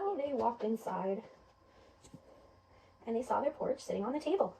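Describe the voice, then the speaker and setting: A woman teacher telling a children's story in an animated way, asking the children questions. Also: fairly high pitch, moderate pace, vocal fry, pauses often, far from the mic, a little hiss or hum, rough recording.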